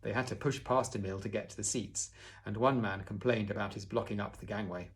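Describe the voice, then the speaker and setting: A man with a low-set voice reads a children's novel aloud, expressively. He sometimes breaks off for a relaxed aside to the listener before diving back into the story. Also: fairly quick. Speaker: audiobook reader.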